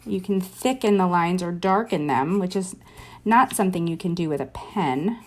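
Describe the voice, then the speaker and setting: Narrating every pencil stroke, a woman gives a relaxed doodling lesson in a chatty, casual tutorial style. She sketches while thinking aloud and offering constant encouragement, her pitch sitting in the middle range.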